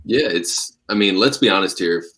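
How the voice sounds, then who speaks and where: A man appearing as a guest sports reporter, speaking in a measured, analytical way with dry humor. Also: deep voice, expressive, a bit bright, husky. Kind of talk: casual sports radio talk.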